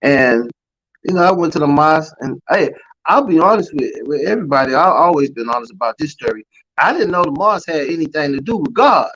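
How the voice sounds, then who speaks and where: Interview guest, man with a New Orleans accent, fairly high voice, storytelling testimony that acts out quoted voices. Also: expressive, a little fast, fairly bright tone, poor audio. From Louisiana. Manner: storytelling, acting out quoted voices, frequent "man" and "you know". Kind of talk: emotional personal testimony.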